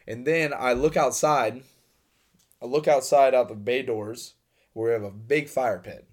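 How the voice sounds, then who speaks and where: A man's voice: medium pitch, fairly even intonation, unhurried. A young man co-hosting a podcast, telling a story in a rambling, profane way with many fillers and acted-out dialogue. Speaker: podcast co-host. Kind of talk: casual storytelling.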